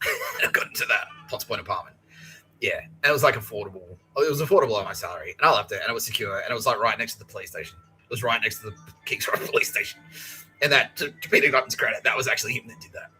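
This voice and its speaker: A man rambling through a podcast monologue, swearing freely and breaking into laughter. His voice is bright and lively, jumping around in pitch, with faint music behind. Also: fast, poor audio. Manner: profane, laughing, rambling, animated. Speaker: podcast host.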